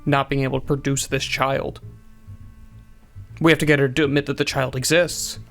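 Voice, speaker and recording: Man, tabletop player, blunt talk, gravelly, faint music. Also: medium pitch, level tone, normal speed, a bit bright. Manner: blunt, swears casually. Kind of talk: tabletop role-play, casual chat.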